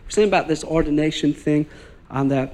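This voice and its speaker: A man's voice: on the high side, fairly quick. A man with a Northern Irish accent preaching a sermon, telling a story and acting out the people in it. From Northern Ireland. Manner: animated storyteller, acts out the people he quotes. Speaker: guest preacher.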